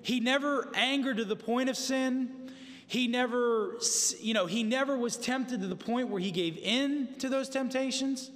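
A man preaching in a conversational, emphatic way, with a high, light voice for a man. His words ring out with a long reverb, as though he stands in a large, echoing church sanctuary. He keeps turning to the congregation with asides. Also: unhurried, fairly bright tone. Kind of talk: sermon.

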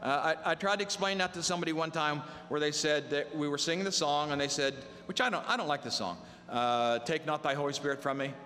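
A man's voice: fairly high pitch, fast talker, few pauses, pushed and bright, big-room sound, faint music behind. A man preaching a conversational sermon, telling stories and mimicking other people's voices for humor. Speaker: pastor.

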